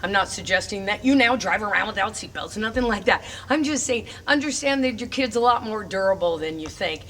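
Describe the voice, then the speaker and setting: A woman's voice: medium pitch, lively intonation, fairly quick, fairly bright tone, recorded from a distance. A middle-aged woman coaching parents on teaching kids to roller skate, upbeat and emphatic, breaking into chanted cheers. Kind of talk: instructional talk to parents. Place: roller rink.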